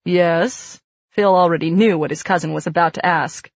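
A woman narrating an audiobook in a calm, steady storytelling manner. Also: fairly low pitch, fast, no room sound. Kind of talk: scripted narration. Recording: dull dry studio read.

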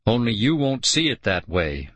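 A man's voice: mid-range voice, very animated, normal speed, a bit bright, dry recording. A man voicing a grim, wary sled-dog musher who insists on warnings, in an audiobook. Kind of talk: audiobook character voice.

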